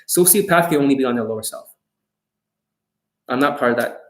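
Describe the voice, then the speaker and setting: A man coaching viewers on a live stream, talking in a blunt, heavily profane, confrontational way and swinging between loud jabs and low asides. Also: fairly quick, rough recording. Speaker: dating coach livestreaming to viewers. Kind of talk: live stream rant, reading viewer comments.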